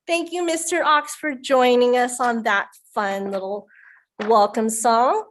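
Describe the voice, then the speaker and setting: A woman's voice: high-pitched, animated, a little slow. A young woman, a youth librarian, hosting a virtual children's story time in an upbeat manner, speaking to young kids over a computer mic.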